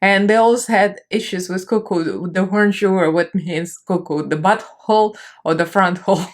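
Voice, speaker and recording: A woman's voice: medium pitch, moderate pace. A young woman with a Russian accent chatting casually through a makeup tutorial, laughing often and talking in loose, easy phrases. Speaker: makeup vlogger.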